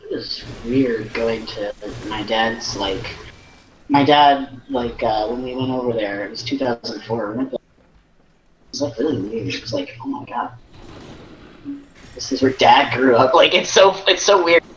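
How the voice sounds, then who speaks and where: A young man from the US chatting casually, relaxed and swearing, laughing often. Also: medium pitch, moderate pace, reverberant, a little hiss or hum, low-quality recording. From United States. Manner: laid-back, swears and laughs a lot. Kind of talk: casual chat.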